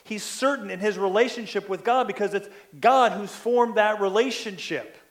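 A man's voice: sits high, normal speed. A man preaching a sermon in an earnest way, often repeating words as he presses a point.

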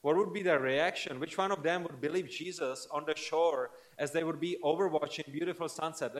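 A man's voice: a little high, a little fast, hardly any pauses. Earnest conversational male preacher. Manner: earnest, conversational, frequent tag questions. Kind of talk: sermon.

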